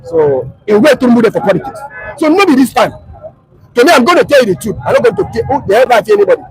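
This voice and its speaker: A man with a Nigerian Pidgin English accent arguing politics loudly and insistently on a street, talking over interruptions. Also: very high voice, big pitch swings, fast, low-quality recording. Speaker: street debater. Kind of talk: heated street political debate.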